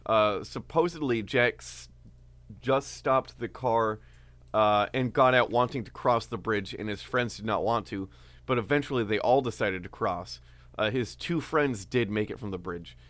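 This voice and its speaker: A man co-hosting a podcast, telling a story in a relaxed, casual way with many fillers. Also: lowish voice, normal speed, dry recording. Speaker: podcast co-host.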